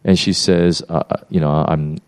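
A man preaching a sermon, retelling a Bible story in a lively, conversational way with many fillers and restarts. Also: medium pitch, moderate pace. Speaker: pastor.

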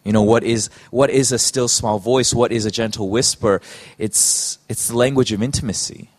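A man preaching a sermon in an earnest, halting way, often restarting his phrases. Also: medium pitch, steady tone.

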